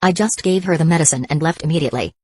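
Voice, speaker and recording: A calm, considerate young man explains himself politely, as a woman reads his part. The voice is low and the recording is dry and close. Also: racing, husky, no echo.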